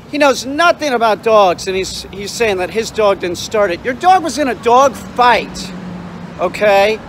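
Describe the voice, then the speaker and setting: A man speaks in a slightly high voice, ranting bluntly about careless dog owners as he walks dogs outside. City traffic hums clearly behind him on the street. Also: animated, unhurried, fairly bright tone. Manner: blunt, ranting, swears freely. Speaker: dog trainer. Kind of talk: casual vlog rant while walking dogs.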